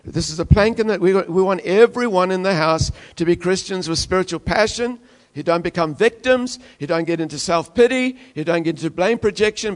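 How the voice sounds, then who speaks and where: Guy preaching in church, high voice, gets loud then drops way down quiet. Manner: impassioned preaching, swinging from loud declarations to hushed intensity. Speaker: pastor. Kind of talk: sermon.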